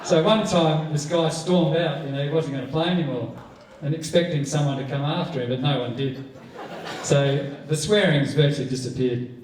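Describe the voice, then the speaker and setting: A man's voice: fairly even intonation, moderate pace, noisy background. A man in his sixties with an Australian accent, doing rambling stand-up with poker anecdotes in a club room. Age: 60s. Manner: rambling anecdotal storytelling, jumps up high to act out quoted people. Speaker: stand-up comedian. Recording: echoey room heard from a distance.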